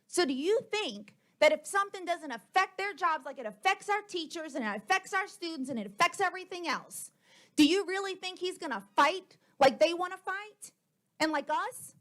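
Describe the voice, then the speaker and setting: A woman's voice: extremely high pitch, animated, normal speed, a bit bright. A woman, speaking at a board meeting. She argues in a heated, confrontational way, hammering the same points again and again into a table microphone. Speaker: school board member. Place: public board meeting room.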